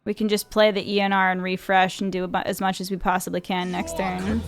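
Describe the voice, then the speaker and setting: A woman's voice: mid-range voice, level tone, fairly quick, creaky, music in the background. A young woman streaming a card game in chatty, think-aloud commentary with frequent laughter. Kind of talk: casual gameplay commentary.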